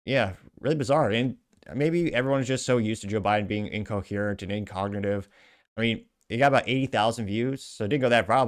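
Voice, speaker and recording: Brief: a man hosting a show in a casual, sarcastic commentary voice, mid-pitched. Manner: sarcastic, reads out comments aloud. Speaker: show host.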